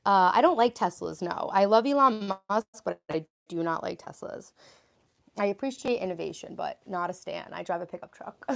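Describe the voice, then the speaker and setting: Chatty woman with a gravelly voice. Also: medium pitch, animated, moderate pace. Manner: chatty, rambling, answers viewer comments on the fly. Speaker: livestreaming vlogger mom. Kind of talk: casual livestream chat answering viewers. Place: at home, cluttered room.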